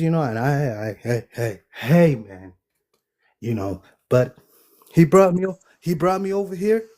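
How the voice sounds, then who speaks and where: A man from Somalia answering firmly and deliberately in a live panel debate, often addressing the other man as brother. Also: fairly high pitch, dark tone. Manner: measured, firm, calls listener brother. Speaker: panel participant.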